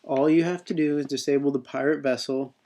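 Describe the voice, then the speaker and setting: A man doing a huge bounty hunter chief, loud and blurting, mellow tone, fairly flat delivery. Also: a little high, brisk, a little hiss or hum, close to an everyday voice. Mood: explaining. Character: huge boisterous male bounty hunter leader.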